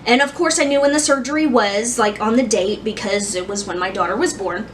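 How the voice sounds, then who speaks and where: A woman's voice: medium pitch, a little fast, distant mic, faint music behind. A woman in her thirties telling a personal story in a casual vlog, rambling with many restarts and fillers. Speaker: vlogger.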